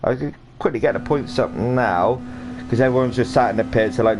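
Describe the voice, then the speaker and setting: Speaking a little fast in a mid-range voice, this man offers casual commentary on his sim racing stream. The audio is noisy, home-stream quality, and his talk wanders chattily with plenty of fillers and false starts.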